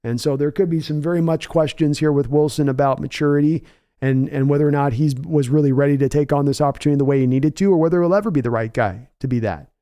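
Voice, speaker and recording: A man's voice: fairly high pitch, quick pace, dark tone, no echo, studio quality. Rambling man hosting a football stream. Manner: rambling, many fillers and restarts. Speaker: livestream host. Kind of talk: live sports reaction stream, reading chat.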